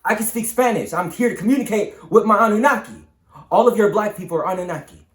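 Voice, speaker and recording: A man's voice: sits high, quick pace, roomy sound. A man hosting his channel, delivering an emphatic, repetitive, preaching monologue to the camera. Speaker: channel host.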